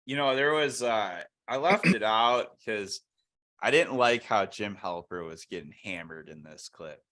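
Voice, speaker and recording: A man's voice: on the low side, expressive, unhurried, bright, forceful tone. A man co-hosting a casual podcast, rambling and swearing as he retells TV scenes. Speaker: podcast co-host. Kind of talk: casual chat.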